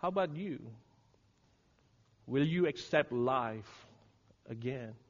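A man preaching a sermon, dramatic and swinging from hushed words to shouting. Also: mid-range voice, lively intonation, slow. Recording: reverberant hall, dull lo-fi sound.

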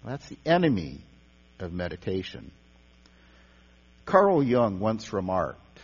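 A man preaches in a casual, conversational way, his voice rising and falling with lively pitch. He often repeats and restarts his words. The sound is dull and lo-fi, with a long hall reverb and a faint electrical hum. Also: slow pace, pauses often. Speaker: pastor or teacher leading a service. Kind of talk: sermon on meditation.

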